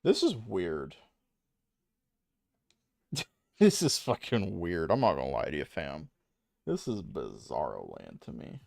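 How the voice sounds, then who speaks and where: Lively young man streaming a game. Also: sits low, slow pace, creaky, pauses often, no room sound, studio quality. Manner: rambling, self-mocking, swears often, frequent laughs. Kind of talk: casual gaming stream commentary.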